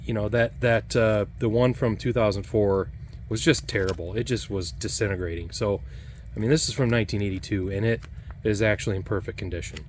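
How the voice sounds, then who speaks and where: A man's voice: lowish voice, fairly even intonation, darkish tone, a little hiss or hum. A man casually talking through a taste test of old food, rambling and restarting his sentences a lot. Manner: rambling, halting, full of restarts and fillers. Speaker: food reviewer.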